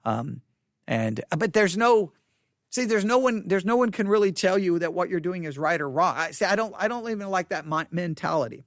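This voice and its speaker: A man hosting a solo podcast, talking off the cuff in an animated, repetitive way with many restarts. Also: sits high, normal speed, no room sound, studio quality. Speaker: podcast host. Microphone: studio microphone.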